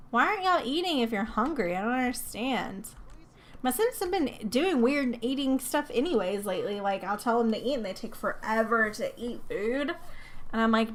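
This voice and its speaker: A woman's voice: on the high side, lively intonation, normal speed. A woman hosting her gaming channel, giving casual let's-play commentary, chatty and prone to laughing as she coaxes her game characters along.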